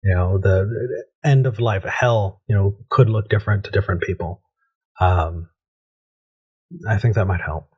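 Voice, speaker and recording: A man's voice: fairly low pitch, moderate pace, long pauses, darkish tone, slightly rough, highs cut off. A man hosting a call-in show, giving easygoing advice and thinking aloud with frequent restarts.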